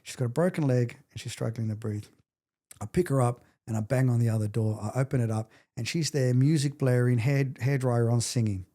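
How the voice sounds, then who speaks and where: A man's voice: mid-range voice, fairly quick. A middle-aged man, a podcast guest telling an emotional story with intensity and acting out the quotes. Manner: intense, animated retelling, acts out quotes.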